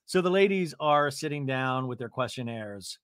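A man hosting a podcast, recapping a TV episode in a sarcastic, animated way, often laughing and slipping into mock voices. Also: medium pitch, moderate pace, clean tone, no echo, clean studio sound. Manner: laughs often while talking. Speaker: podcast host.

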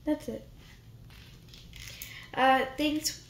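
Brief: gentle storybook reader, woman, slow and echoey. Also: sits high, fairly even intonation, a little hiss or hum. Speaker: children's book reader. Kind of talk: storybook read-aloud. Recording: roomy echo.

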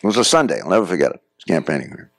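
Older man telling lively stories. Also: low-pitched, racing, creaky, no echo. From United States. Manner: animated anecdotal storytelling, addresses audience as folks. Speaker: guest speaker. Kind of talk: storytelling lecture. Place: classroom or lecture hall.

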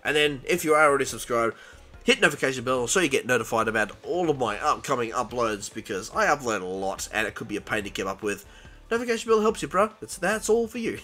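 Excitable young man commentating his gameplay. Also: mid-range voice, quick pace. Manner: excitable, yelps and laughs while playing, talks to the game. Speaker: gaming channel host. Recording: game music behind.

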